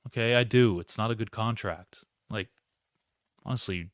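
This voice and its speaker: A man's voice: fairly low pitch, normal speed, dry recording, studio quality. A man hosting a live solo sports reaction stream, rambling, interrupting himself and talking to his chat. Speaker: podcast host.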